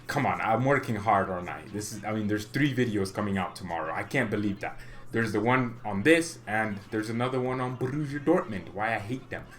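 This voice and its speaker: Ranting to camera on his football fan channel, a young man with a lowish voice keeps a brisk pace. He's animated and playfully menacing, with chuckles slipped between his points.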